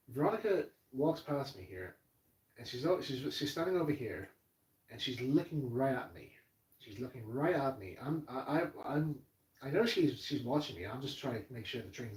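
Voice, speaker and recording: A man's voice: mid-range voice, a little mellow, far from the mic. A man telling a rambling, emotional story to camera as a model railway hobbyist, stumbling over restarts and repeated words. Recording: echoey room, voice off-mic.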